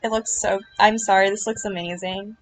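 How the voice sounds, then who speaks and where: A woman giving casual reaction commentary on a video, gushing and earnest, with lots of fillers and quick apologies. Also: mid-range voice, steady tone, soft background music. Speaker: vlogger reacting to her club's riding routine.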